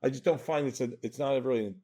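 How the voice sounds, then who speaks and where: Brief: man, mid-pitched, coach guest, earnest and emphatic. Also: fast talker, warm tone. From New Jersey. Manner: earnest, emphatic, often checks in with "right?". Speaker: mental toughness coach, guest. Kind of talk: podcast interview, explaining.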